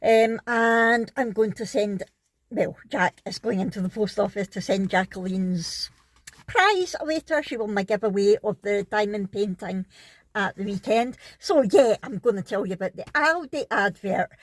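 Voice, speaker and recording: A woman's voice: mid-range voice, expressive, a little slow, no room sound. A Scottish woman, middle-aged, chatting casually to camera in a family vlog, rambling with lots of ums and little laughs. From Scotland. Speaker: vlogger.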